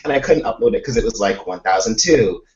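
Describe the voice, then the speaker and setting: A man chatting casually on a video call about making reaction videos, excitable and full of "like". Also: fairly low pitch, fast talker, a little hiss or hum. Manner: animated storytelling, excitable, lots of "like". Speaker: K-pop reaction YouTuber, live chat host. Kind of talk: casual chat. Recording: echoey, distant, lo-fi call audio.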